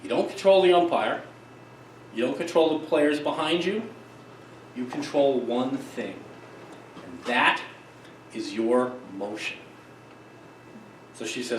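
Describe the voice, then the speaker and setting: A middle-aged man giving a conference keynote, telling stories in an emphatic, lively way with quick asides. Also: medium pitch, slight background noise. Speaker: keynote speaker, psychologist. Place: conference hall. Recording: echoey hall, distant mic, faint ambience.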